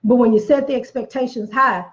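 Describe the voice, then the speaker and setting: A woman's voice: on the high side, steady tone, fairly quick, dull audio. A woman giving a casual motivational talk, emphatic and preachy, repeating phrases for effect, with chatty folksy asides. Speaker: motivational speaker.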